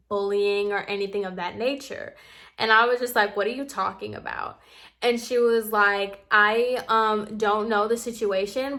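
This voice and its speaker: A young woman vlogger telling a storytime in a casual, animated, exasperated way, acting out what others said. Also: mid-range voice. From Puerto Rican heritage.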